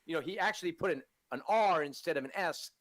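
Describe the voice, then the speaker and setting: A man co-hosting a political talk show, telling stories in an animated, indignant way. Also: a little high, fast talker. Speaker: co-host.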